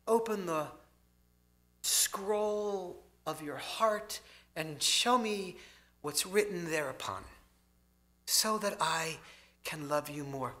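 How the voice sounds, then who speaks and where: Elderly great aunt, as a man quotes her, loving, coaxing, slow, bright voice. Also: on the high side.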